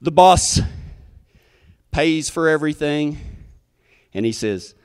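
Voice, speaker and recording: A man's voice: a little high, animated, slow, a little mellow, clear, resonant tone, in a large hall. A man telling a comic story in a folksy, rambling, self-deprecating way.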